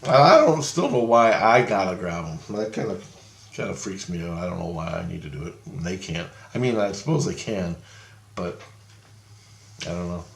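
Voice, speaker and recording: A man's voice: sits low, lively intonation, moderate pace, creaky. A middle-aged man casually telling a long story in a rambling way, chuckling often and raising his voice for the people he quotes. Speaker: storyteller recounting visions. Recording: roomy, echoey room sound.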